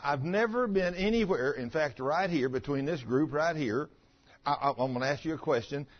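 A pastor, preaching and telling personal stories in a folksy, chatty way with stammering restarts. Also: male voice, fairly high pitch, slightly rough. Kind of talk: sermon with personal storytelling. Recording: muffled lo-fi recording.

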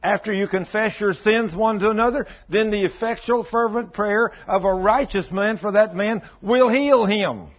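A preacher man tells sermon stories in a folksy way, acting out both sides of each conversation. His voice sits a little high and sounds husky. The recording is dull and lo-fi. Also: normal speed, few pauses. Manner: folksy, acts out dialogue, drops to low intense tones. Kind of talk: sermon storytelling.

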